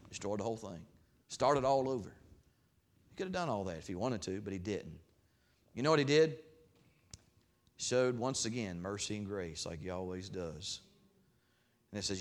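A man pastor preaching a sermon. He swings from loud, raised peaks to quiet, conversational asides, and acts out God's words in a folksy voice. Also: on the low side, moderate pace, long pauses. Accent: regional accent of his own.

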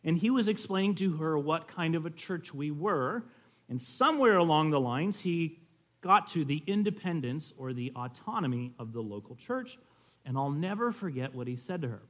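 A man teaching a church history class, his voice sitting a little high for a man. He keeps it conversational, telling stories and often checking that his listeners are following. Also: expressive, normal speed. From California.

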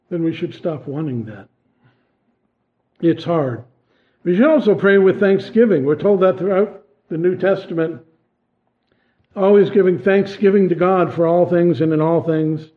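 Preacher, male, slightly high voice, earnest sermon delivery, narrow phone-like audio. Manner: earnest, rising to emphatic questions then dropping low. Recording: tinny phone-like sound.

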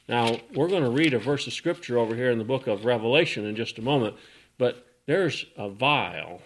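A man preaching a sermon who reads scripture aloud and swings from loud, emphatic lines to hushed whispers. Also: medium pitch, lively intonation. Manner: slow, drawn-out delivery with scripture readings.

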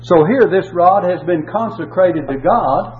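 A man's voice: high-pitched, lively intonation, a little slow. A man preaching a sermon and reading scripture, emphatic, repeating key words and asking rhetorical questions. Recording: tinny phone-like audio with faint hum.

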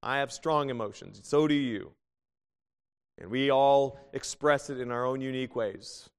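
A man in his thirties preaching a sermon as pastor, swinging between fervent, rising bursts and hushed, tender pleas. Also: medium pitch, a little slow, smooth. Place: church sanctuary. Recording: long church reverb.

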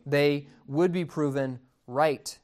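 A man's voice: fairly high pitch, fairly even intonation, takes it slowly, darkish tone. A man preaching a sermon in a conversational, amused storytelling manner.

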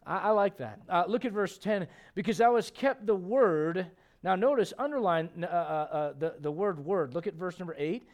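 A man preaching a sermon in a church, lively and questioning his congregation directly. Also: high voice, brisk, few pauses. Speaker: pastor. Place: church sanctuary.

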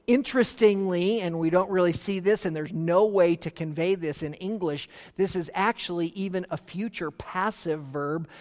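A man preaching an expository sermon as pastor. He is emphatic, swings from loud to hushed, and slows down to read scripture aloud. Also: high voice. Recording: long reverb of a large hall.

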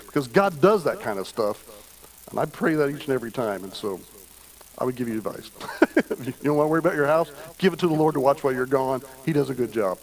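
A man's voice: mid-range voice, poor audio. A man preaching a midweek sermon as pastor, folksy and storytelling.

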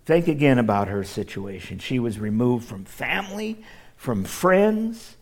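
A middle-aged male pastor from the Midwest preaching a sermon, addressing his congregation directly and moving from loud emphasis to hushed near-whispers. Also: medium pitch, sing-song, unhurried. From American Midwest.

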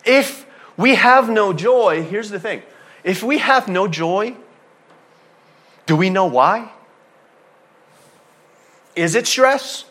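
Animated, conversational male preacher. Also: high voice, takes it slowly, pauses often. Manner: animated, swings from soft asides to loud emphatic peaks; conversational, with fillers and repeated phrases. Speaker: pastor. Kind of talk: sermon.

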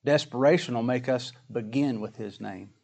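A man preaching a sermon, folksy and plain-spoken, full of rhetorical questions, reading scripture slowly and with weight. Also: medium pitch, vocal fry, darkish tone. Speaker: pastor.

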